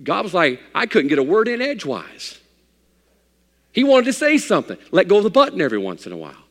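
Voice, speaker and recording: A male pastor preaching a sermon, swinging between loud, emphatic passages and hushed, soft ones. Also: high voice, wildly swooping pitch, quick pace. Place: church sanctuary. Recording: long hall reverb.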